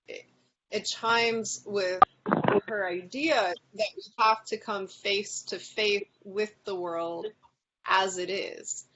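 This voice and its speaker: A woman leading a reading group discussion, thinking aloud with many pauses and restarts, sometimes reading passages aloud. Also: mid-range voice, bright, forceful tone, dull audio, slight background noise. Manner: thoughtful, hesitant with many ums and restarts.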